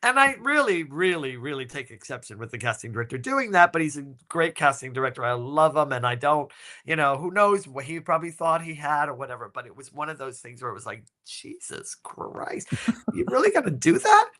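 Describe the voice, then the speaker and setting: Animated, bright-voiced male co-host. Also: a little high, fast. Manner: animated storyteller, many restarts. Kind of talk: casual chat.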